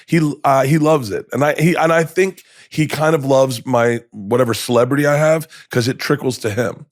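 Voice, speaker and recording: Animated male comedian telling stories. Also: mid-range voice, normal speed, few pauses, dry recording, clean studio sound. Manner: animated, acts out the people in his stories. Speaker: comedian and podcast guest. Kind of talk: casual storytelling interview. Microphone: studio podcast mic.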